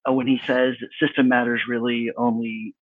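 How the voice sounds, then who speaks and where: A man's voice: mid-range voice, little pitch movement, a little fast, dry recording. A man co-hosting a casual round-table chat about tabletop games, wry and rambling. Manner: wry, rambling, self-mocking. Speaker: podcast co-host. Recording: tinny phone-like line.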